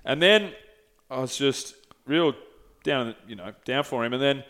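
A man's voice: mid-range voice, a little slow, a bit bright. A young man, hosting a casual chat and telling a story candidly, with frequent swearing and restarts. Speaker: podcast host.

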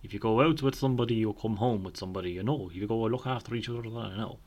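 A man's voice: fairly low pitch, very fast, a little mellow. A man putting on a rural Irish accent to play a responsible older father giving earnest advice.

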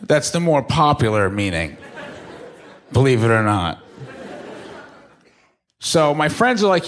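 Deadpan crude New comedian. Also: male voice, mid-range voice, moderate pace, long pauses, a faint crowd. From Staten Island, New York. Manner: deadpan, crude, shifts into mocking voices for quoted people. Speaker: stand-up comedian. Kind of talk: stand-up comedy set. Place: comedy club stage before a laughing audience.

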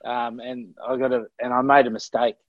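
An older Australian man hosting a podcast, speaking thoughtfully with many pauses and fillers. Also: medium pitch, level tone, no room sound, dull audio. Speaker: podcast host, coach. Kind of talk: reflective conversation. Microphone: remote call.

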